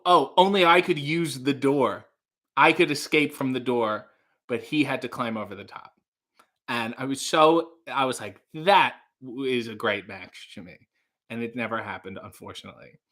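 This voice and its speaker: A man's voice: fairly high pitch, sharp tone. A man hosting a casual livestream, reading out viewer comments and riffing on them in a rambling, playful way. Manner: rambling, playful, mock-grand asides. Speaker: livestream host.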